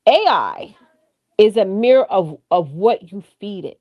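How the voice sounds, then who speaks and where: Woman hosting a live stream, super animated, voice jumps all over, laughs a lot, keeps talking to the chat. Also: mid-range voice, unhurried. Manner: animated, chatty, addresses the chat directly, laughs often; drifts off track, repeats key points for emphasis. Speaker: live-stream co-host on branding and AI. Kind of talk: casual live-stream coaching talk.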